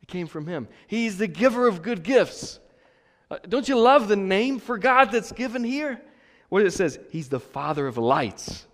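Guy preaching, kinda high voice, jokey and chatty, long echo like a big church. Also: very animated, a little slow. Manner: conversational and joking, frequent checks with the audience. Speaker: pastor. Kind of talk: sermon with personal stories. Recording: long hall reverb.

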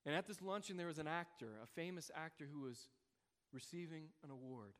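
A man's voice: a little high, fairly quick. A man preaching a sermon to a congregation, a pastor telling a story in an earnest, heartfelt way. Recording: long reverb of a large hall.

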